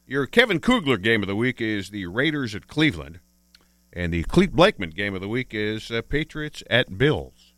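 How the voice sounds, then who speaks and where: A man's voice: fairly low pitch, sing-song, moderate pace, fairly bright tone, no room sound. A male radio co-host in morning banter, wry and easygoing with hesitant fillers.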